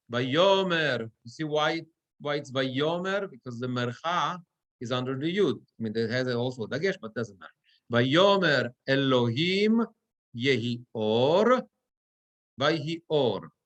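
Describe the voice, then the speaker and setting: A male cantor leads a Torah reading class in a synagogue, explaining things patiently. His delivery is unhurried. When he chants the verses, his clear bright voice stretches each word out. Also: medium pitch, animated. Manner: explains slowly, then chants verses in drawn-out cantillation. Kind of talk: class instruction with chanted examples.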